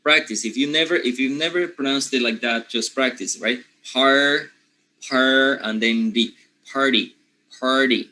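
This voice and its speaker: A man from Panama with a Panamanian accent, a native Spanish speaker teaching English pronunciation, who often clears his throat and keeps checking in with his students. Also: medium pitch, fairly quick, few pauses, pushed and bright, poor audio. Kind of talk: pronunciation lesson.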